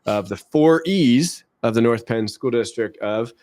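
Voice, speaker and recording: A man's voice: mid-range voice, unhurried, a little mellow, dry recording. Upbeat American man hosting a podcast. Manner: jokey, upbeat, self-deprecating. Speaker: podcast host, school superintendent. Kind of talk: casual podcast chat.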